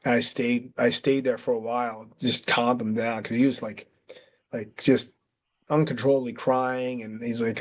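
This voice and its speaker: A middle-aged former wrestler recounting an old story to an interviewer in a relaxed, conversational voice. He acts out the quoted dialogue with lively jumps in pitch. His speech is loose and peppered with fillers. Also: moderate pace. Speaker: retired pro wrestler guest. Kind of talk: casual storytelling.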